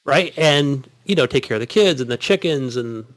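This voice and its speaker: A man's voice: mid-range voice, lively intonation, moderate pace, a bit bright, no echo. A man co-hosting a gaming podcast, telling a rambling story in casual chat. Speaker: podcast co-host.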